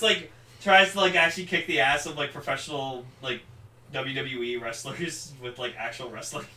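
A young man with a bright, forceful voice, sitting a little back from the mic in an echoey room. He talks casually with lots of fillers and gets excitable, acting out lines as he retells a story. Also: mid-range voice, moderate pace, far from the mic. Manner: excitable, lots of fillers, acts out quotes loudly. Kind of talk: casual podcast chat.

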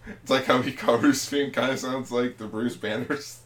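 A man's voice: medium pitch, fairly even intonation, normal speed, a bit bright. A young man chatting casually on a podcast, chiming in with quips and laughs.

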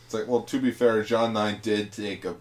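A man's voice: lowish voice, fairly even intonation, moderate pace. A young man chatting casually on a podcast, chiming in with quips and laughs.

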